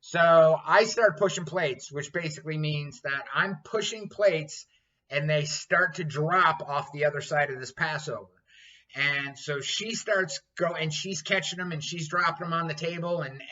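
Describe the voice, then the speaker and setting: A man's voice: fairly high pitch, unhurried, sharp tone. A man in his fifties, a chef, telling a story in casual chat, blunt and profane. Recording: dull lo-fi sound.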